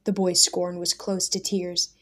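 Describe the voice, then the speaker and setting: A woman narrating an audiobook in a measured, even storytelling manner. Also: lowish voice.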